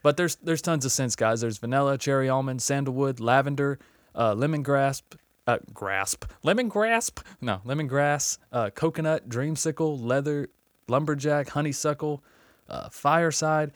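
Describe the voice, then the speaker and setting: Easygoing male podcast co-host, mid pitch, dry studio sound. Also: fairly even intonation, normal speed, dry recording. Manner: chatty, easygoing, reads ad copy. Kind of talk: casual podcast chat.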